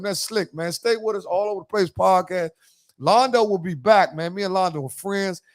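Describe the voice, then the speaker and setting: A man with a high-pitched voice hosts a casual podcast. He tells loose, profane stories and acts out what other people said in his telling. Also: smooth. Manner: loose, profane storytelling with acted-out quotes. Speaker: podcast host.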